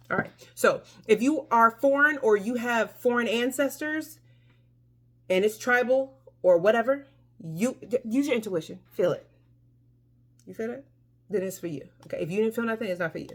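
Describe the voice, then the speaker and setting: A woman's voice: on the high side, moderate pace. A woman giving a casual tarot reading to her viewers, chatty and emphatic, with many fillers and restarts. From Mexico. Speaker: tarot reader.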